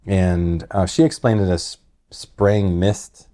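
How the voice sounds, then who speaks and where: A man's voice: deep voice, steady tone, slow, mellow. A middle-aged man telling a personal story in casual, earnest talk, rambling with many restarts and filler words.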